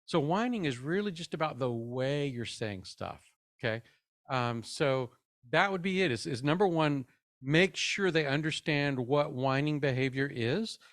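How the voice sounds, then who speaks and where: A man's voice: fairly high pitch, animated, measured pace, fairly bright tone, no room sound, studio quality. A middle-aged man giving a conversational parenting webinar, casual and upbeat, often tossing in "man".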